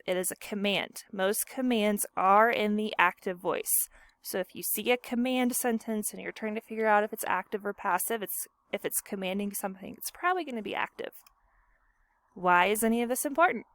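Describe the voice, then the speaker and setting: With a mid-range voice and no room sound, a woman teaching grammar explains things clearly to her students, asking them questions and then supplying the answers herself.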